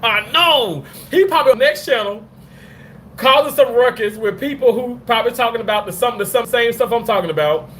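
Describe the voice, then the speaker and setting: A man's voice: very high-pitched, a little fast. A man hosting a casual livestream chat, cursing freely, laughing often and talking back to comments from viewers. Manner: animated, profane, laughs often. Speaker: livestream host.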